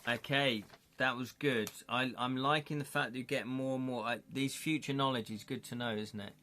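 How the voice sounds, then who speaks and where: Jokey man, bright voice. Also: mid-range voice, fairly even intonation, normal speed. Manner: chatty, jokey, talks to chat, laughs often. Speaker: livestream host reading a gamebook. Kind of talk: casual live-stream chat and reading.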